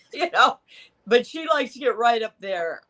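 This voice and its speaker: A man's voice: very high voice, animated, unhurried, bright, forceful tone. A man co-hosting a talk radio show, chatting casually and laughing easily. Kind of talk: casual chat.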